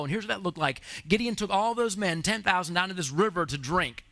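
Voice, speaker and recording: A pastor delivers a sermon in a church, animated and playful as he tells the story. His voice sits high for a man. The tone is bright and forceful. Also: a little fast. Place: church sanctuary.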